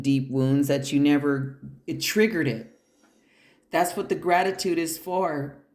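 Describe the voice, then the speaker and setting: Slow, blunt, cursing tarot reader in an echoey room. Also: medium pitch, a little mellow. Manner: blunt, emphatic and profane; encouraging, addresses the listener directly. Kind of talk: pick-a-pile tarot reading. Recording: roomy echo.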